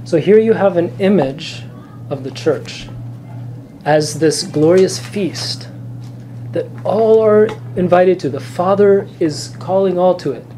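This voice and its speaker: A man, a priest teaching a catechism class, explaining gently and earnestly with fillers and restarts. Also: high voice, slow pace, a little hiss or hum, low-quality recording. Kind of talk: catechism lecture. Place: church classroom.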